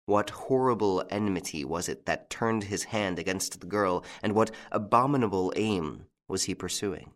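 A man narrating a mystery novel in measured, dramatic scripted narration. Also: low-pitched. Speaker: audiobook narrator.

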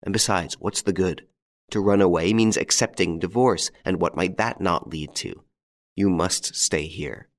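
A bold gentleman rescuer who speaks firmly and persuasively, giving his word, as a man reads him in a storybook. The voice sits low and steady. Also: a little slow. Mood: insistent.

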